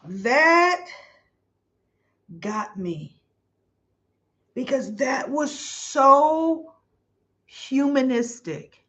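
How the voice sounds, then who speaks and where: A woman hosting a live soap opera comment show. She chats casually, reads viewer comments aloud, and talks in an effusive, emotional way with drawn-out exclamations. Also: high voice, animated, fairly bright tone.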